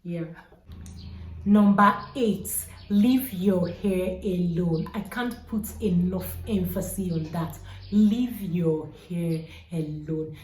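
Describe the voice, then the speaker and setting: Emphatic woman in an echoey room. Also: on the low side. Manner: emphatic, repeats key points, warmly urging. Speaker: hair care vlogger. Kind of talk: earnest advice vlog.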